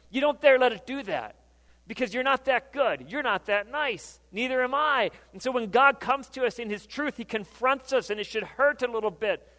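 A man with a high-pitched voice preaches a sermon in a conversational way, checking in with his listeners with frequent questions. His voice carries a long reverb, as if he is in a church sanctuary. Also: moderate pace, sharp tone. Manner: conversational, asks the congregation questions. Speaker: pastor.

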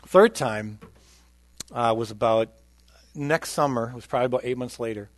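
A man preaches a sermon, earnestly sharing a personal testimony as he swings from loud emphasis to quiet moments. His voice is mid-range at a normal speed, recorded dry.

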